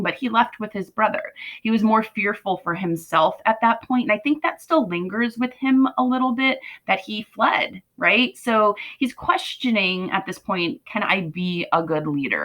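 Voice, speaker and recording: A woman teaches a class through a play in a relaxed, conversational way, often checking in with "right?". Her voice is bright and forward, though her pitch sits a little low for a woman. She acts out the characters' lines in lively paraphrase as she goes. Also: poor audio. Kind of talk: explaining a play to students.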